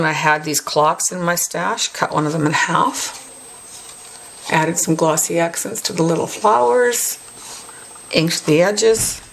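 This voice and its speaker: A woman hosting a craft tutorial, chatting casually as she shows her work and often adds a quick "right?". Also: low-pitched, gravelly, slight background noise. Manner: chatty, tacks on "right?" tag questions. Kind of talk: casual show-and-tell tutorial.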